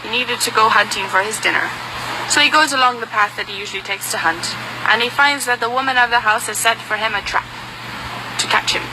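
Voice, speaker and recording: A woman telling a folk tale as an interviewee, in a lively storytelling manner. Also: a little high, brisk, noisy background. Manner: lively storytelling, slips into character voices.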